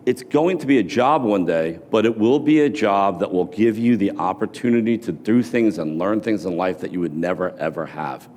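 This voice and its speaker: A man doing a gruff, blunt mafia trading boss. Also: lowish voice, moderate pace, hardly any pauses, a little mellow, big-room sound, a little hiss or hum, natural voice. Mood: stern. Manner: curt, profane.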